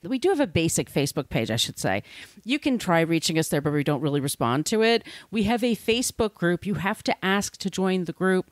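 A woman's voice: lowish voice, big pitch swings, brisk, dry recording. Woman podcast host, chatty and irreverent, dry close sound. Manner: chatty, irreverent, swears casually. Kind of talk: casual podcast chat.

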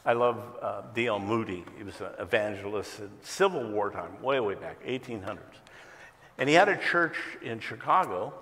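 A male pastor preaching a sermon in a large church, telling a story with dramatic swings between loud and quiet. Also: mid-range voice. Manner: storytelling with dramatic shifts in loudness. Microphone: church sound system, streamed. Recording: echoey large church hall.

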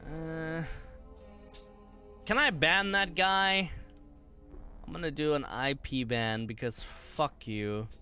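A man's voice: on the high side, slow pace, pauses often, pushed and bright, soft background music. A man streaming a horror game, jumpy and panicky, swearing often as he plays. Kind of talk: horror game livestream commentary.

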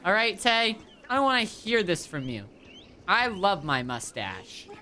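A woman streamer chatting casually while playing a multiplayer game, soft-spoken, laughing often and trailing off. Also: medium pitch, sing-song, unhurried, noisy background. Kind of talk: casual gaming chat.

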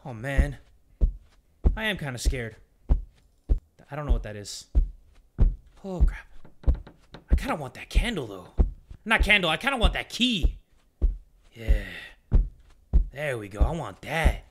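A young man doing casual horror game commentary, jokey and excitable, sinking to nervous mutters when scared. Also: mid-range voice, measured pace, pauses often, background noise. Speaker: gaming YouTuber.

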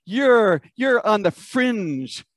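A man's voice: high voice, expressive, very slow, exaggerated voice. A man voicing a scornful priest who brushes off a prophet as an outsider. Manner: scornful, dismissive. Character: dismissive ancient priest, scornful male.

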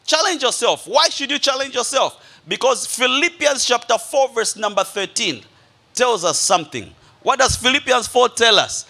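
A man's voice: very high-pitched, very animated, normal speed, gravelly, pushed and bright. A male pastor preaching a sermon to a congregation. He speaks emphatically, repeats key phrases and calls his listeners beloved. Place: church service before a congregation.

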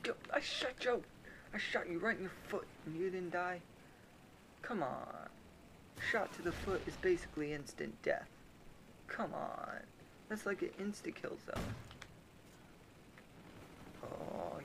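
A young man chats loosely through a shooter game, joking with his viewers in a slightly high voice. His tone has a gravelly crackle, and a steady noise hiss sits under the recording. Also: measured pace, long pauses. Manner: playful, jokey, puts on silly voices. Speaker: gaming YouTuber. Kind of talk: casual let's-play commentary.

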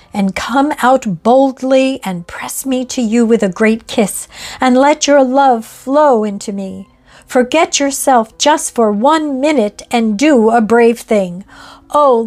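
A woman voicing a yearning male ghost, speaking in a soft, beseeching, urgent way. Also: on the high side.

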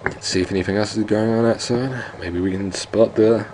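Low-voiced man giving dry game commentary. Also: fairly even intonation, normal speed, darkish tone, slight background noise. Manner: dry, joking asides. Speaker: let's play host. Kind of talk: let's play commentary.

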